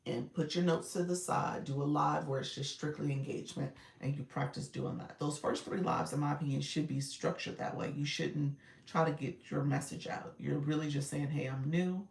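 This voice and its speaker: Woman coach, casual live chat, gravelly edge, roomy and a bit off-mic. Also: sits low, fairly even intonation, darkish tone, far from the mic. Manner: chatty, greets viewers by name, quick asides.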